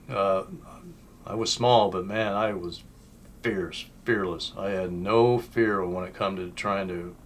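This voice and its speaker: Lowish-voiced man telling a story. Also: slight background noise. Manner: blunt, colloquial, swings between loud and hushed. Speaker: channel host telling his life story. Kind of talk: casual spoken storytelling.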